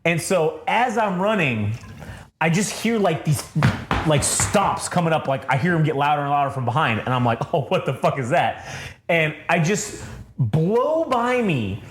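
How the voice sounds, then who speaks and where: A man's voice: a little high, sing-song, unhurried, roomy sound, a little hiss or hum. A man co-hosting a podcast, telling a long, rambling story casually, swearing often and laughing through it. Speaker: podcast co-host.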